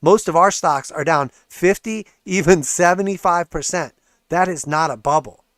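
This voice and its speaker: Sneering take on a pleading woman fund manager, put on by a man, slightly high, dry close mic. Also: moderate pace, fairly bright tone, no room sound, lightly acted. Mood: defensive. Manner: sneering, mocking imitation.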